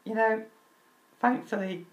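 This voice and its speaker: A man's voice: high voice, takes it slowly, low-quality recording. A young man talking candidly and earnestly to his viewers, reflecting aloud and putting direct questions to the listener. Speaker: vlogger. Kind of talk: candid personal talk to the viewer.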